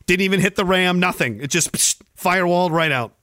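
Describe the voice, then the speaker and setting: A man's voice: high-pitched, fairly quick, sharp tone, no echo, studio quality. A young man hosting a livestream, ranting casually and sarcastically with lots of swearing while reading viewer chat. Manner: profane, sarcastic, acts out mocking voices.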